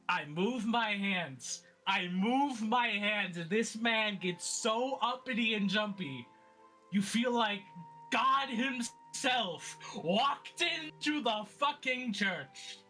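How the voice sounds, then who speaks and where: A man's voice: sits high, lively intonation, slow, pushed and bright, soft background music, heavily acted. A man playing a foul-mouthed hot-tempered brawler. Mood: ranting. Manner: profane, rambling rants. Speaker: player voicing his character.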